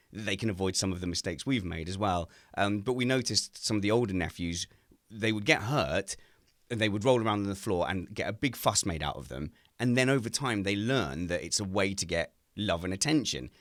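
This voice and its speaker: A man chatting casually on a home video call, telling animated family stories and jumping into silly high voices when he quotes people. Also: no room sound, studio quality. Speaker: podcast co-host. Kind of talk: casual chat. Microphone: home mic on a video call.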